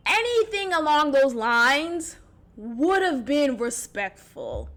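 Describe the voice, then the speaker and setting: A woman with a slightly high voice hosts a casual solo podcast. She speaks frankly and lively, laughs often and uses plenty of slang, then drops quiet and low when she voices a text message. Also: slow. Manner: candid and animated, with slang and frequent laughs. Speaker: podcast host.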